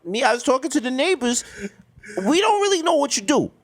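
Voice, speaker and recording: A man's voice: very high-pitched, very animated, brisk, slight background noise, pitched above the performer's own voice, exaggerated voice. A man improvising a prying, hesitant, polite middle-aged neighbor in a comedy skit.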